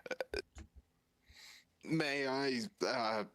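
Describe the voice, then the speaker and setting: A tabletop player on a voice call, hesitant, pausing often as they hunt for the right words. The sound is very dry, with no room around the voice, and the pitch sits in a mid range. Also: a bit bright, no echo. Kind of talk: playing a tabletop game over voice chat.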